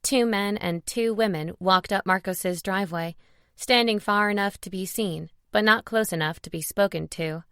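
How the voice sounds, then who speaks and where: A woman's voice: medium pitch, moderate pace, a bit bright, clean tone, no echo, studio quality. Woman narrating a romance audiobook. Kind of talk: scripted narration.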